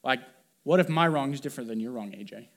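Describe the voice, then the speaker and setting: A man's voice: medium pitch, animated, quick pace, creaky. A male pastor delivering a conversational sermon, asking the congregation questions and pressing his points with emphasis. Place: church sanctuary.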